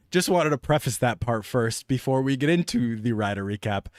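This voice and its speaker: A young man chatting casually on a live stream, excitable and laughing often. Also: mid-range voice, normal speed, no echo, studio quality.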